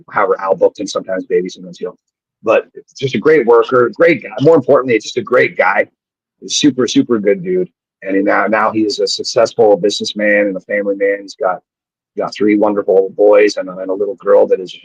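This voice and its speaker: Husky-voiced man swearing through wrestling stories. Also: lowish voice, no room sound. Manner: profane, animated anecdotes with frequent restarts. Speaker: guest, former pro wrestler. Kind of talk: casual storytelling on a live show. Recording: dull lo-fi sound.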